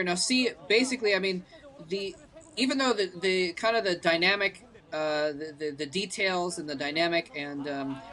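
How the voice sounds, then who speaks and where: An esports commentator giving play-by-play commentary, hesitant with many ums and restarts, breaking into bursts of excitement at big plays. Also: mid-range voice.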